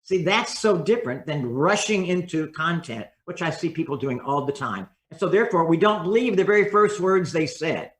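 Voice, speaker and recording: A man in a podcast interview, coaching on how to speak. His voice sits a little high and turns expressive as he acts out different tones. The recording has a roomy echo around him. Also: normal speed, few pauses. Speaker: communication coach and guest.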